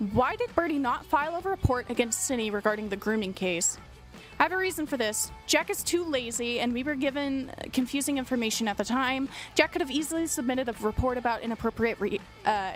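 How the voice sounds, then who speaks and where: A woman's voice: a little high, fairly quick, a bit bright, soft background music. Blunt, sarcastic young woman streamer. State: congested. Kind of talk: casual commentary reading a document aloud.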